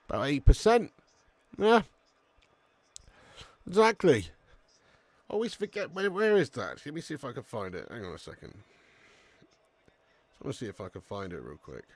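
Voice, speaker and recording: A man's voice: on the low side, dry recording. A man hosting a live football watch-along, bantering brashly with viewers, swearing often and reading their comments aloud. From England.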